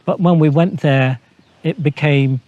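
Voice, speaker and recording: A man from the United Kingdom, a missionary guest recounting events in a calm, measured way with small hesitations. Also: fairly high pitch, no room sound, muffled recording. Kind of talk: storytelling in a faith talk show.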